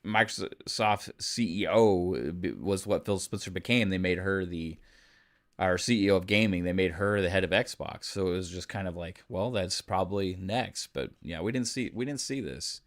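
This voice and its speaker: A man with a low-pitched voice hosts a podcast in a casual, conversational way. He thinks aloud as he goes through the news. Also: moderate pace. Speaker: podcast host.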